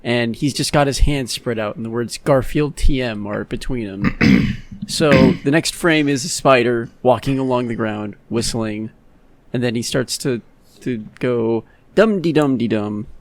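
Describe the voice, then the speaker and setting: A man's voice: mid-range voice, a little slow, dry recording. A man co-hosting a let's play in casual banter, giggling as he describes comic panels in detail.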